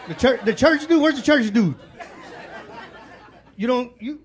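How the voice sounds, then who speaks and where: A man's voice: extremely high pitch, lively intonation, measured pace, a faint crowd. A man doing live stand-up, telling loose, profane stories in street slang and acting out his own and others' voices. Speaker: stand-up comedian. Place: comedy club stage. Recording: live club recording with room noise.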